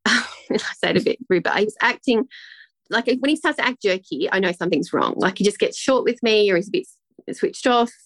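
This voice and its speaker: A woman in her thirties talks through a personal story, circling back and restarting as she goes. Her voice has a gravelly edge. The sound is dry and close. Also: medium pitch, lively intonation, brisk, dry recording. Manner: rambling, emotional storytelling with many restarts. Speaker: guest. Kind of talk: casual interview talk.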